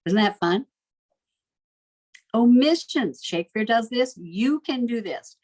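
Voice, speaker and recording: A woman teaching a recorded literature lesson from home, reading verse aloud slowly and then explaining it in plain, chatty asides. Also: fairly high pitch, expressive, darkish tone, rough recording.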